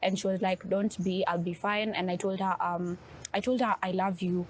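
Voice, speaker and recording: Woman, podcast co-host, earnest emotional storyteller, mid pitch, faint background noise. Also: fairly even intonation, normal speed. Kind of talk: podcast conversation.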